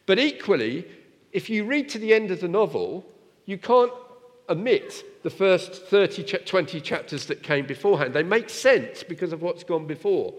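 A man delivering a sermon with a fairly high voice that swings widely up and down. He presses his listeners with rhetorical questions and plain, direct appeals. His words ring out with a long reverb in a church. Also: normal speed. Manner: animated, rhetorical questions to the congregation. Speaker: preacher.

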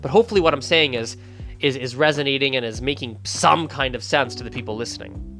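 A man talking casually into the camera for his language-learning channel. His voice sits at an everyday middle pitch, and his delivery is lively as he thinks out loud, circling back and restarting mid-sentence. Soft music plays faintly underneath. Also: fast talker. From Canada. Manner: thinking aloud, animated, frequent restarts.

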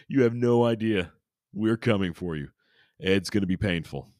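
A man's voice: fairly low pitch, a little slow, a little mellow, dry recording, studio quality, natural voice. A man voicing a gloating, threatening alien speaking from a UFO. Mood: menacing.

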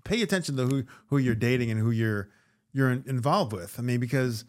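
A man's voice: medium pitch, brisk, darkish tone. A man, an actor and comedian, chatting casually as a podcast guest and acting out quotes in put-on voices. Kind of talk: casual storytelling chat.

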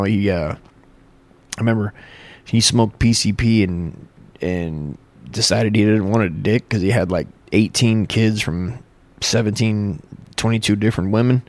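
A man's voice: on the low side, darkish tone. A man rambling through a crude, profane comic monologue, stumbling and correcting himself as he goes.

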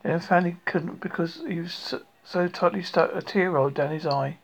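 A reader narrating a children's storybook, unhurried, with small slips. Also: mid-range voice, fairly even intonation. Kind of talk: storybook reading. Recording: lo-fi recording.

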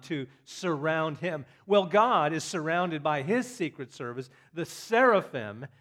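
A man preaching from the pulpit, his voice sitting a little high for a man. He drops into quiet, confiding asides and then rises into loud, emphatic declarations. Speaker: pastor. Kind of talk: sermon.

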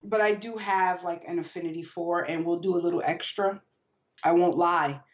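A woman with a low-pitched voice, easygoing and unhurried, circling her point with fillers and restarts. Her audio is dull and muffled, as if through a lo-fi mic. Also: steady tone. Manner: laid-back, hesitant, many fillers. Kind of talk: casual chat.

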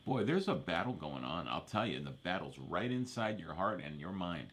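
A man's voice: low voice, big pitch swings, normal speed, a bit bright. A man preaching a sermon in a conversational way, often repeating verses and asking the listeners to agree. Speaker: pastor.

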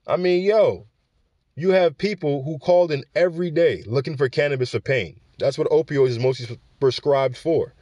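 A man's voice: mid-range voice, darkish tone, no echo. A man hosting a podcast, talking in a casual, slangy and emphatic way, with frequent restarts. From New York. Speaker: podcast host.

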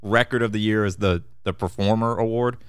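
A man's voice: on the low side, clear, resonant tone, no echo, studio quality. A man hosting a casual podcast, teasing his co-host and drawing out award category names. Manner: animated, teasing, slows down to announce categories. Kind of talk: casual chat.

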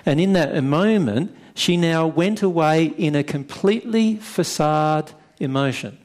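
A man explaining ideas in conversation, stressing key points and slowing down for emphasis. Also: a little high, darkish tone. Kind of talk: conversational teaching.

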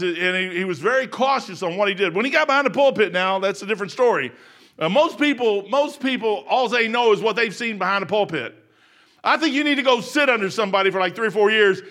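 Older man, folksy sermon, high-pitched, bright and forceful, shouts then drops to a hush. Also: animated, fairly quick. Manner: folksy, laughing, swings from shouting to hushed. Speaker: pastor. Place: church sanctuary.

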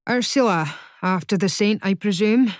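A woman voicing a slow, burring Scottish commissioner. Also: sits high, no room sound, studio quality, close to an everyday voice. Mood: proud. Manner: slow, pompous and proud. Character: stern proud Scottish commissioner, a man in his prime.

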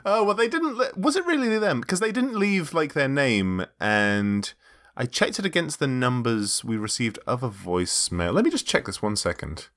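A man's voice: medium pitch, animated, moderate pace, fairly bright tone. A man hosting a podcast in casual chat, rambling with fillers and laughing as he goes. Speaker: podcast host.

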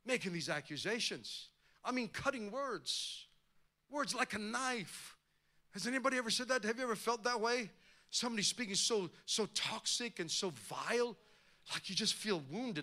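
Guy preaching hard, high bright voice, pushes up near shouting. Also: animated, moderate pace. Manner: impassioned preaching, rising to near-shouting emphasis. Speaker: pastor. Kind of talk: sermon.

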